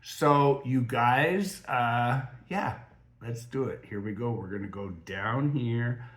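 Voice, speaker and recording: A man's voice: medium pitch, slow, a bit bright. A man hosting a casual crafting tutorial vlog from his craft table, rambling and chatty with lots of fillers. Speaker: crafting channel host.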